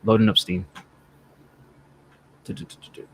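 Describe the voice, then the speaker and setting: A man's voice: normal speed, slight background noise. A man co-hosting a podcast, retelling a co-op game session with acted-out quotes and plenty of swearing. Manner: animated storytelling, acting out quotes, profane. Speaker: podcast co-host. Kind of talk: casual chat.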